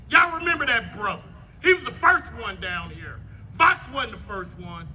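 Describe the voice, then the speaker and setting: A man's voice: very high voice, lively intonation, normal speed, pushed and bright, some chatter behind, a little hiss or hum. Fiery, profane man at a rally. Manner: fiery, profane, repeats his rallying lines. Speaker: rally speaker. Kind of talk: impassioned protest speech. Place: outdoor rally.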